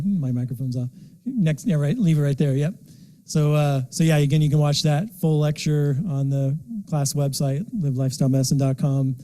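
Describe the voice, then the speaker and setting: A man's voice: on the high side, warm tone. A man giving a classroom lecture, talking loosely and restarting as he sets up the slides. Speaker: lifestyle medicine lecturer. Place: lecture room.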